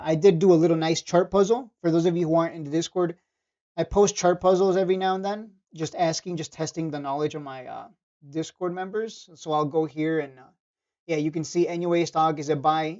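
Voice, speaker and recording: A man with a darkish, mellow tone chats loosely through a trading livestream. He is blunt and swears freely, laughing and stumbling over repeated words as he reads chat. The sound is dull and lo-fi. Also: on the high side. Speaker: stock trading streamer. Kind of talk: casual livestream commentary reading chat.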